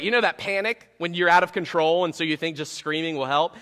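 A pastor delivers a sermon with animated, self-mocking storytelling. His voice sits high and bright. A long reverb from the church hall trails behind each phrase. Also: fast talker. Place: church sanctuary.

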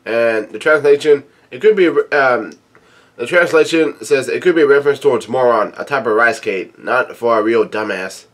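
A man's voice: medium pitch, moderate pace. A man casually reading a comic chapter aloud and breaking off for offhand comments. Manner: reads text aloud, breaking off for offhand asides. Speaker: manga chapter reader and commentator.

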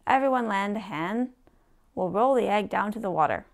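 A man voicing a cross old male gnome who scolds gruffly, in a read-aloud storybook. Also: sits high, expressive, moderate pace.

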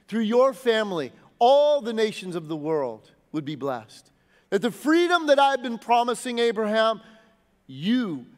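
A man preaching a sermon as pastor, swinging from loud rising lines to low, soft phrase endings. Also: in a large hall.

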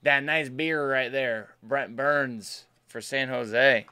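A man's voice: medium pitch, slow pace, sharp tone, clean tone, no echo, clean studio sound. A man hosting a live card break stream, chatting casually and bantering with viewers as he opens packs. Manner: chatty, upbeat, banters with chat.

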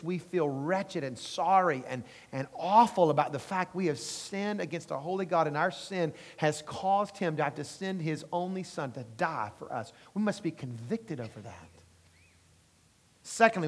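High-voiced preaching man in reverberant hall. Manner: emphatic, rising preaching with acted-out quotes. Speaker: pastor. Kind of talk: sermon.

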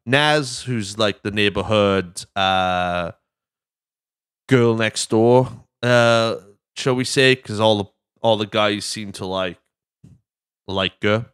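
A young man chats casually as a podcast host, rambling from one joke to the next and swearing freely. His voice sits somewhat low and sounds smooth and resonant. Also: slow pace, pauses often, fairly bright tone, dry recording, clean studio sound.

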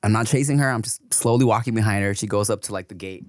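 A man's voice: on the low side, fast, dry recording, clean studio sound. A young adult man hosting a podcast, telling a story in a casual, slangy way and swearing freely. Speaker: podcast host.

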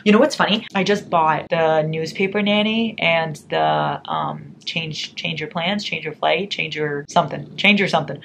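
A young woman chatting excitedly as she opens book mail on her vlog, gushing over every gift. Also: low voice, moderate pace, creaky, few pauses, a little hiss or hum. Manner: gushing, excitable, reads notes aloud. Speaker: book vlogger. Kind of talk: casual chat unboxing book mail.

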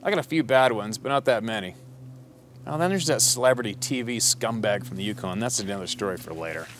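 A low-pitched man tells a story from his work as a hunting guide. He talks bluntly and swears freely, rambling from one beat to the next with plenty of fillers. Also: fairly quick. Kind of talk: casual storytelling.

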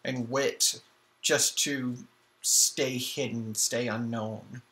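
A man's voice: mid-range voice, steady tone, extremely slow, sharp tone. A young man chiming in dryly and matter-of-factly during a casual vlog. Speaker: co-host, husband.

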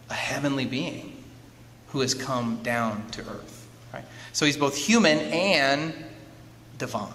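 A man giving a lively lecture, often turning to his listeners with quick questions to check that they follow. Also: a little high. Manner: keeps checking in with listeners through rhetorical questions. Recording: long hall reverb with faint background noise.

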